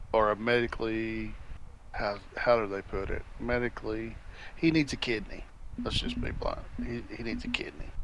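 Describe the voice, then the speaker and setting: A man's voice: on the low side, vocal fry, a bit bright, slight background noise, poor audio. A man, telling a rambling story in a casual chat over a voice call. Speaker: gaming stream crew member. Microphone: voice call headset.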